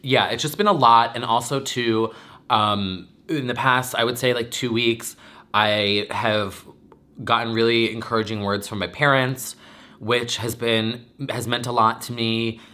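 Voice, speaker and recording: Teary young man, bright forceful voice. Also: mid-range voice, steady tone, unhurried. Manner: rambling, swearing, with many restarts and fillers. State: teary, emotional. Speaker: podcaster and vlogger. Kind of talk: emotional casual talk to camera.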